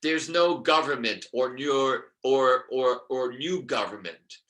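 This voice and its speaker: A middle-aged man on a video call explaining numerology in an expressive teaching style, dropping now and then to a whisper and asking his listeners questions. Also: mid-range voice, takes it slowly. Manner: expressive, drops to whispers, asks the audience questions. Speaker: numerologist guest. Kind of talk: animated teaching talk. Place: room with brick wall.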